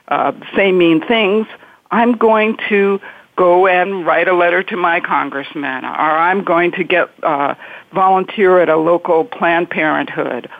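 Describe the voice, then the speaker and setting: A woman's voice: on the low side, no echo. A woman, a marriage and family therapist, giving earnest advice in an interview and acting out inner speech. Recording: tinny phone-line sound.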